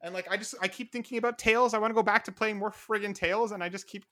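A man hosting a podcast in casual chat, excitable and quick, swearing now and then. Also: high-pitched. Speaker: podcast host.

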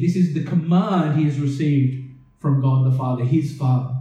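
A man's voice: high voice, mellow. A man preaching a sermon earnestly, asking the listeners question after question. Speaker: pastor. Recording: echoey room, voice from a distance.

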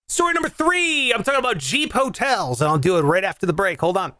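Comedy host, jokey monologue, swinging pitch, dry close sound. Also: fast talker, hardly any pauses, no room sound. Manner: animated, jokey, jumps into silly voices. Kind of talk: comic monologue.

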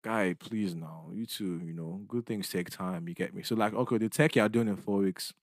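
A man's voice: deep voice, normal speed, dry recording, studio quality. A young man, rambling casually as host of his own solo podcast, slangy and loose, often checking in with his listeners. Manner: loose, slangy, rambling, keeps asking "you get me".

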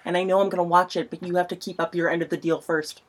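Laid-back, teasing female co-host with a slightly husky voice. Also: lowish voice, level tone, quick pace. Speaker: podcast co-host. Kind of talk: casual chat.

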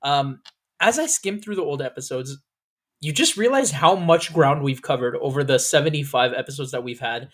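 Fast-talking man on a podcast. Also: medium pitch, lively intonation, a bit bright. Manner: fast-talking, swears, laughs often. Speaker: podcast co-host. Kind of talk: casual podcast chat.

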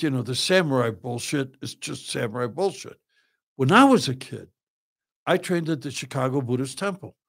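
A man in his seventies, a podcast guest, telling lively stories with lots of laughing and swearing. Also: medium pitch, creaky. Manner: animated, laughs often, swears freely. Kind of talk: casual storytelling.

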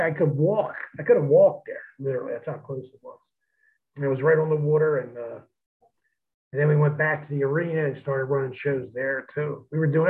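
Profane former wrestler on a phone line. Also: male voice, a little high. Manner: profane, blunt, rambling anecdotes. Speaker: former pro wrestler, guest. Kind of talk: casual storytelling.

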